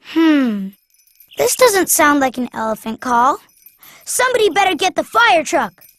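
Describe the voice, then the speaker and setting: Cartoon lead: cheerful wooden boy, very high, slow and bouncy. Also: big pitch swings, slight background noise, heavily acted. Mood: eager. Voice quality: bright, chirpy, childlike. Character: cheerful little wooden boy, helpful and eager. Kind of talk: cartoon voice acting.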